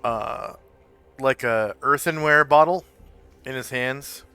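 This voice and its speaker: A man's voice: medium pitch, slow pace, bright, forceful tone, smooth, faint music behind. A man narrating a tabletop game as game master, hesitant and full of fillers.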